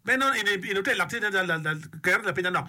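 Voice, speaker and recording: A man's voice: sits high, quick pace, sharp tone. A man giving an emphatic, casual talk on education and community, often repeating himself and checking in with his listener. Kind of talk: casual explanatory talk mixing English and a local language.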